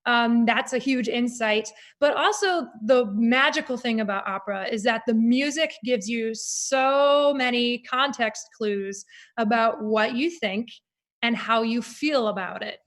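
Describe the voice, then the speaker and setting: Guest woman singer, somewhat high-pitched, animated conversational delivery. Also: a little slow. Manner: animated, reflective, with frequent fillers. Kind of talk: conversational interview.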